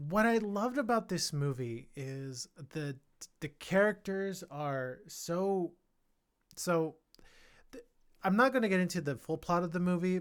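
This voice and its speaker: Excitable man gushing over films. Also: on the high side, smooth. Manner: enthusiastic, animated, bursts into loud excitement. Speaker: podcast host. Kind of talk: casual film review chat.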